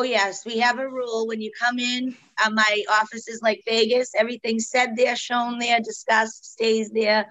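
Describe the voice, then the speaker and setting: Woman, business-owner guest on a podcast, chatty and heartfelt, middle pitch. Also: a bit bright, poor audio. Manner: chatty, heartfelt, many "you know" fillers. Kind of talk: casual podcast interview.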